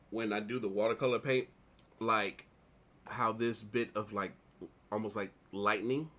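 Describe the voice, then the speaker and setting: A man in his thirties, an artist vlogger, casually telling a personal story in a rambling, animated way while he works on a drawing. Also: medium pitch. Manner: rambling, animated retelling with repeated "like".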